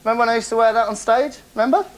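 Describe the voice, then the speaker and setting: A man's voice: very high-pitched, racing, slight background noise. A man hosting a comic monologue, boastful and rambling, chuckling at his own stories. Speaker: comedy character host.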